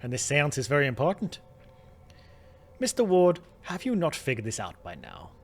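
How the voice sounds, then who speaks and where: A man voicing a proud, aging Irish manor lord in a game, with an Irish accent and formal, measured speech. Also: mid-range voice, huge pitch swings. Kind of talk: reading game dialogue aloud.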